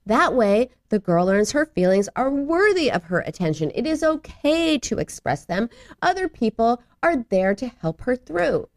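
A middle-aged woman speaks from a studio in a chatty, advice-giving way. Her pitch swings widely as she slips into quick imitations of other people. She sounds easygoing and a little self-mocking. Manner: acts out little voices and quotes with lively pitch jumps. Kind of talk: advice talk on self-compassion.

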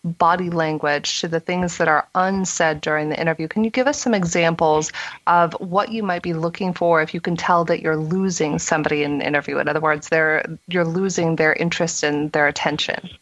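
A woman hosting an interview, asking clear, probing questions. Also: sits low, steady tone, brisk, a bit bright, no room sound. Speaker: host. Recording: dry, slightly dull audio.

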